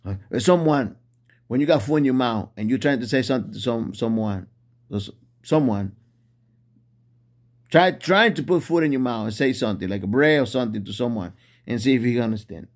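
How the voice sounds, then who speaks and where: A man preaches with burning conviction in non-native English. He repeats lines over and over and restarts when a word escapes him. His voice sits at an ordinary middle pitch. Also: lively intonation, moderate pace. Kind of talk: impassioned preaching monologue.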